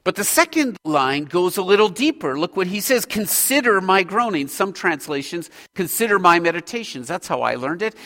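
A man's voice: high-pitched, big pitch swings, bright, forceful tone. Earnest male pastor preaching in a hall. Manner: earnest, preaching with measured pauses. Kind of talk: sermon. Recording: hall reverb.

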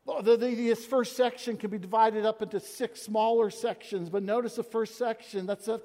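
A man preaching a sermon, quoting scripture with dramatic swings in loudness. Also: high-pitched, long reverb tail. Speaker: pastor.

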